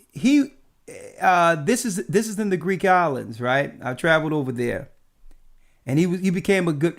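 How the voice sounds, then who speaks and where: A man with a fairly high voice tells stories from his travels in an easygoing chat. He is a church elder who keeps checking in with his listener with "right?" as he goes. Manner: animated anecdotes with frequent "right?" asides. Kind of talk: casual storytelling chat.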